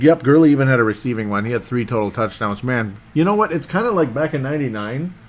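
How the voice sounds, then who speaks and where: A man of average pitch talks through the week's football scores on his podcast. His recap is loose and excitable, and he wanders off topic and stumbles over names as he goes. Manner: rambling, excitable, loses his train of thought. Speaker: sports podcast host.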